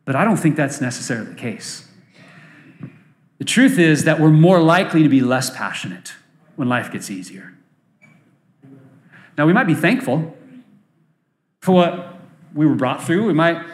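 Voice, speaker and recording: A fairly high-voiced man preaches to his congregation, acting out his characters' words as he goes. The sound rings around an echoey church hall. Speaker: pastor. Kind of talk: sermon.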